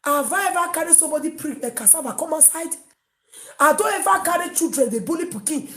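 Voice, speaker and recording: A woman with a Nigerian Pidgin accent hosting an online gossip show, mocking loudly and breaking into sung chants. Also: high voice, lively intonation, quick pace. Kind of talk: animated gossip commentary. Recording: echoey room.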